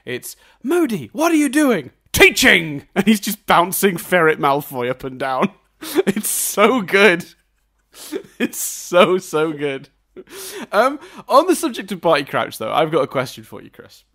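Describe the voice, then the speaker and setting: A man's voice: fairly high pitch, unhurried. A man co-hosting a podcast, ranting and swearing in a casual film review chat and laughing often as he talks. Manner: animated, swearing ranter; laughs often mid-sentence. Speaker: podcast co-host.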